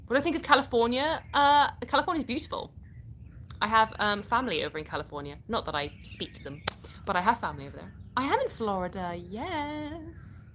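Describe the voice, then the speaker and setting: A woman's voice: on the high side, fast, fairly bright tone, slight background noise. A British woman from the UK hosting a casual live stream, answering viewer comments in a chatty way and laughing often.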